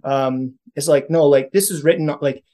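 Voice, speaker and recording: Man from Canada, higher than average voice, earnest, thinks out loud. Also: steady tone, moderate pace. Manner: earnest, thinking aloud with many restarts. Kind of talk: casual podcast chat on faith.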